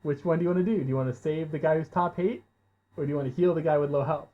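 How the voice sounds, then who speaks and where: Male game master, tabletop session, higher-pitched voice, excitable and sweary, muffled low-fi recording. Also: rapid-fire. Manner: excitable, swears when surprised. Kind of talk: running a tabletop game over voice chat. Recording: dull lo-fi audio.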